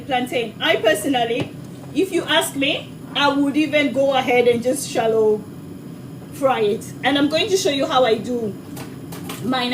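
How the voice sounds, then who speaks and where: A woman with a high, bouncy voice hosts a live cooking stream from her home kitchen. She chats warmly with viewers, calling them sweetheart. Her voice is a little distant from the mic, and there is faint noise behind her. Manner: chatty and affectionate, calls viewers sweetheart. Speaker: cooking show host.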